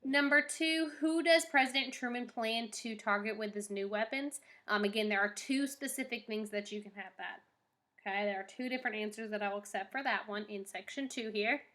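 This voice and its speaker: A woman's voice: on the high side, a little fast, bright, forceful tone. A woman teacher giving a recorded lesson, reading documents aloud and patiently explaining each question to her class.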